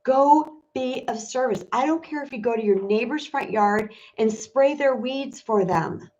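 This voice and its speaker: A woman's voice: fairly high pitch, a little slow, darkish tone, slight background noise. A woman life coach speaking to her viewers in a candid, emotional, confessional way, like a casual livestream. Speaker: spiritual empowerment coach. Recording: dull lo-fi stream audio.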